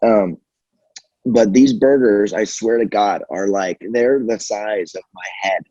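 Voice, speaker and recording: A man's voice: lowish voice, takes it slowly, dark tone, no room sound, lo-fi sound. A young man telling stories in a casual podcast chat, rambling and profane with many fillers. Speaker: podcast guest.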